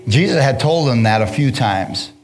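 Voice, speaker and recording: A man's voice: mid-range voice, lively intonation, normal speed, slight background noise. A man preaching a sermon, reading scripture then breaking into casual, slangy asides and questions to the congregation.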